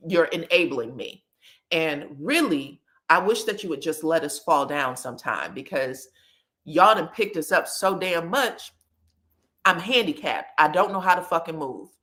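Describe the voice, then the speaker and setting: A woman doing a defensive grown son, low and grumbling. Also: expressive, measured pace, fairly bright tone.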